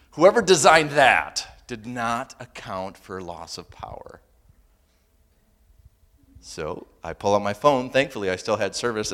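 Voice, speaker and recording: A male pastor preaching a sermon, humorous and animated, moving between loud punchlines and quiet, earnest asides. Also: mid-range voice. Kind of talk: sermon with personal storytelling.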